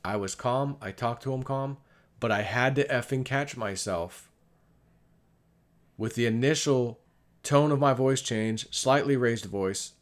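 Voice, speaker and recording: A man's voice: medium pitch, a little slow. Confessional rambling middle-aged man. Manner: rambling, confessional, acts out quoted dialogue. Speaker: vlogger. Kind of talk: casual personal monologue.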